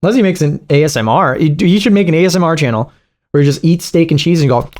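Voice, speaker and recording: A man hosts a reaction video in loose, casual commentary. He is sarcastic and profane, mocking whatever he is watching. His voice sits somewhat high. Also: fast talker, a little mellow.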